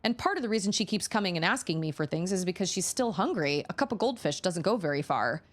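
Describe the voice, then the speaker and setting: A woman streamer chatting casually with her viewers, a lively storyteller who acts out the lines she quotes. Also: fairly low pitch, fast.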